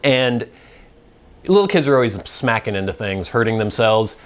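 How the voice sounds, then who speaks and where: A man's voice: medium pitch, sing-song, moderate pace. A man hosting a casual solo show, answering viewer questions in a rambling, self-deprecating, conversational way. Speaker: host.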